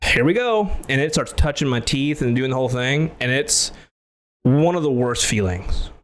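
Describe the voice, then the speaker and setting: Animated storytelling man, mid pitch. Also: moderate pace. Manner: animated, acts out both sides of the story, laughs loudly; swears casually, says "like" often. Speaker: podcast host. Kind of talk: casual storytelling chat.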